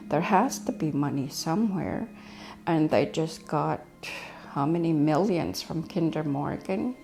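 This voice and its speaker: A middle-aged woman telling family stories in a documentary interview, reflective and soft-spoken with whispery asides. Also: low-pitched, slow, faint music behind. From First Nations community in Canada.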